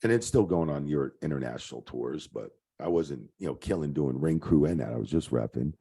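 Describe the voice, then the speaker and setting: A middle-aged man, a retired wrestling referee, is a guest in a casual interview, telling rambling stories packed with fillers and swearing. His voice is extremely low and dark with a breathy edge, lively in intonation and a little fast.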